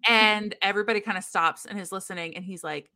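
Young woman co-host, bright tone, lively recap with acted-out quotes. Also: mid-range voice, fast. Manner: animated storyteller, acts out quotes. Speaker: podcast co-host recapping a book. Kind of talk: casual chat.

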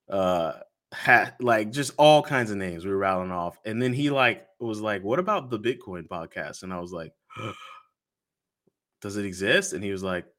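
Lively low-voiced man telling a story. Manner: animated, acts out quoted dialogue with laughs. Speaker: podcast host being interviewed. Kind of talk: casual storytelling.

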